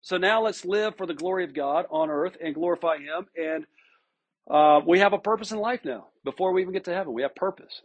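Man, pastor, conversational sermon, husky breathy tone, higher pitch, frequent restarts. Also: brisk. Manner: informal, with frequent restarts and rhetorical "right?".

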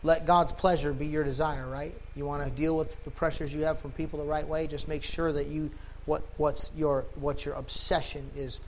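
A tired man preaching a sermon, reading scripture and swinging from loud emphatic peaks to low quiet stretches. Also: level tone, moderate pace, slight background noise. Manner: sweaty and laughing at himself between scripture readings. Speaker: pastor.

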